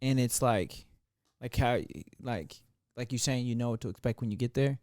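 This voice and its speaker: Smooth-voiced man in casual podcast chat. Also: mid-range voice, moderate pace, a little mellow, no echo, clean studio sound. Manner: rambling, thinks aloud with many fillers. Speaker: podcast co-host.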